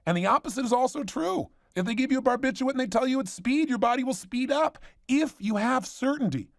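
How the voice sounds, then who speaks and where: High-voiced, emphatic motivational speaker man. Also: expressive, fast talker, creaky, no echo, clean studio sound. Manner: emphatic storyteller, retelling conversations. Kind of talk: motivational seminar talk.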